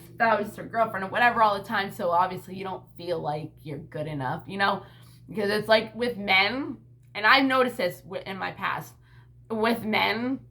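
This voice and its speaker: A woman who is a vlogger and mother talks to her camera in a casual vlog, rambling bluntly with frequent swearing and lots of "like" and "you know." Her voice is medium-pitched and a bit bright.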